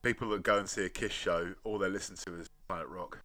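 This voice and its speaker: A man co-hosting a casual music podcast, chatty with halting restarts and casual swearing. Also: low-pitched, fairly even intonation, sharp tone. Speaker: podcast co-host.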